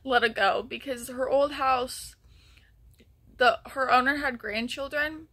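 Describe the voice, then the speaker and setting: A woman's voice: high voice, takes it slowly, pushed and bright. A woman telling a story in a casual vlog, rambling with many ums and restarts and sometimes dropping to a near whisper. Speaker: vlogger.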